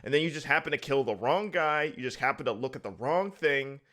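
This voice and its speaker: A man co-hosting a casual chat about a video game, laughing often and acting out characters in quick voices. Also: medium pitch, lively intonation, a bit bright. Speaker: podcast co-host.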